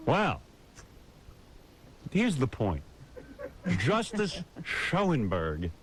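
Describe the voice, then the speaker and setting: A man's voice: medium pitch, huge pitch swings, very slow, slight background noise, rough recording. A man hosting a radio talk show, brash and mocking in irreverent banter. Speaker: radio host.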